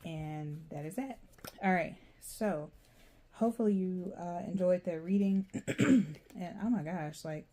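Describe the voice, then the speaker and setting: A woman giving a casual, rambling tarot reading, chatty and quick to laugh. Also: on the low side, mellow, a little hiss or hum. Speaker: tarot reader.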